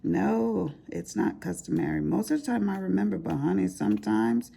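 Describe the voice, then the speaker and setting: A woman's voice: on the low side, big pitch swings, normal speed, vocal fry, dark tone. An older grandmother chatting casually to her viewers as she crafts, rambling and laughing at her own asides. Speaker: crafting vlogger. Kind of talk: casual chat while crafting.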